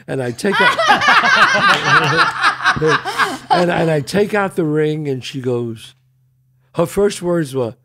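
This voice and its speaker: A man's voice: a little high, unhurried, a little hiss or hum. An older man hosting a podcast, telling a story in casual chat and acting out the quoted lines. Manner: animated, acts out quoted dialogue. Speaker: podcast host.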